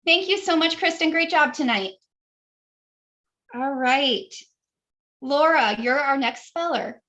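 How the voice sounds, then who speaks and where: High-pitched woman, spelling bee host on a video call, courteous and encouraging. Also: slow, pushed and bright, muffled recording. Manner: polite, apologetic, encouraging. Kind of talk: reading words on a video call.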